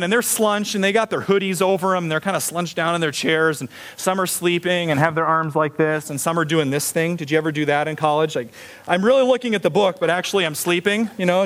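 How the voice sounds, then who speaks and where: Animated, high-voiced pastor preaching. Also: male voice. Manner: animated, acts out voices of kids and students. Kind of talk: sermon.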